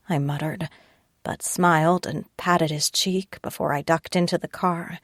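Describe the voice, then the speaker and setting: Low-voiced woman narrating an audiobook. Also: fairly even intonation, measured pace, no room sound, clean studio sound. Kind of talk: first-person audiobook narration.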